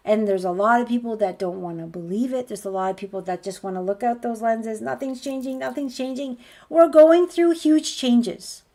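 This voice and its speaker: A woman's voice: mid-range voice, a little mellow. A woman, a spiritual healer, giving an earnest motivational talk, stacking rhetorical questions as she promotes her course.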